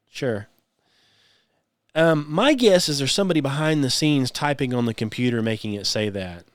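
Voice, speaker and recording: A man's voice: medium pitch, no room sound, studio quality. A man hosting a solo podcast, speaking, mocking and sarcastic, full of rhetorical questions. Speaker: podcast host.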